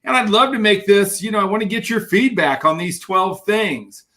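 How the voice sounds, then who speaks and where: A keynote speaker gives an energetic motivational talk on a live stream, greeting viewers by name as he reads their comments. His voice is high-pitched and his pace normal.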